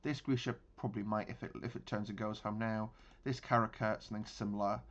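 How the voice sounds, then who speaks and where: A man's voice: on the low side, fairly even intonation, fast talker, lo-fi sound. A man giving casual gameplay commentary on a naval battle game, thinking aloud with frequent restarts. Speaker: gaming channel host.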